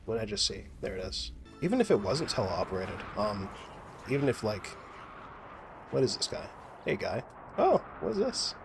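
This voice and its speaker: A man's voice: lowish voice, a little hiss or hum. A young man rambling and swearing through commentary while playing a game. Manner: profane, rambling, many restarts. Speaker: gaming streamer. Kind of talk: rambling commentary over gameplay.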